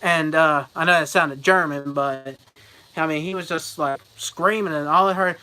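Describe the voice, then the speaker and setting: Bright-voiced young man telling rambling stories. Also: on the high side, steady tone, normal speed, smooth, rough recording. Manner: rambling, laughs often, breaks into loud mocking voices. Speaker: vlogger. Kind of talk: casual storytelling vlog.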